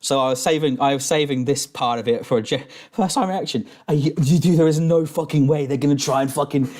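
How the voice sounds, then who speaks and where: A man's voice: fairly high pitch, brisk, darkish tone. A man streaming a reaction who rants angrily, swears constantly and talks in rambling restarts while drinking. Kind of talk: profane reaction rant.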